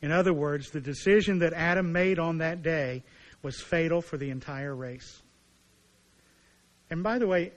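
Man preaching, slightly high voice. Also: low-quality recording. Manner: animated preaching, acting out voices of biblical figures. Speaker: pastor. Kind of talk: sermon.

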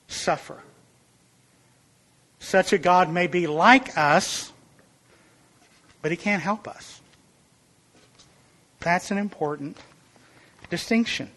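A man's voice: slow, long pauses, a bit bright. A man preaching a sermon in an earnest, emphatic way. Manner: earnest, emphatic, rises in pitch and volume for illustrations.

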